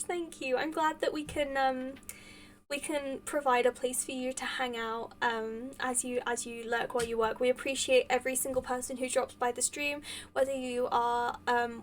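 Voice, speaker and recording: A woman's voice: high-pitched, distant mic, rough recording. A woman live-streaming a game, chatting casually with viewers and thanking them effusively, rambling with many restarts. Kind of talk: casual chat with live viewers while gaming.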